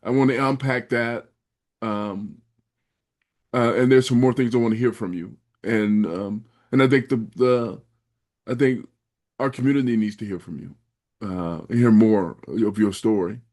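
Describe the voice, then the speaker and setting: A man hosting a podcast, speaking in a gentle, encouraging way with religious phrasing. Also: lowish voice, measured pace. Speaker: podcast host. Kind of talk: casual interview.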